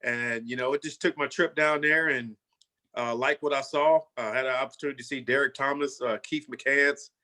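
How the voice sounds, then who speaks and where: A man's voice: mid-range voice, fairly even intonation, moderate pace, bright, forceful tone. A man in his fifties, a former football player, telling his story in a casual way and often saying "you know" and "man".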